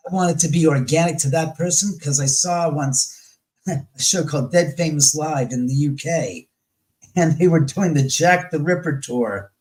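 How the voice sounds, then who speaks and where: A man as an interview guest, telling stories in a rambling, animated way and often correcting himself mid-sentence. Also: on the high side, normal speed, low-quality recording. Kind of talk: casual storytelling interview.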